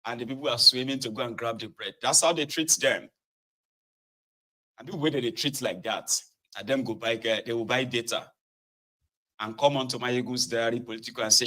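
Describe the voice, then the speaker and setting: A man's voice: mid-range voice, measured pace, sharp tone, low-quality recording. A middle-aged Nigerian man hosting a political commentary show from his own studio, lecturing his listeners in a defiant, impassioned monologue.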